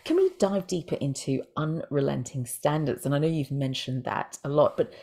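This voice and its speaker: Woman host, deep and creaky, animated, short affirming replies. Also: normal speed. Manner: affirming, brief interjections. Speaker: podcast host. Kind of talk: interview questions.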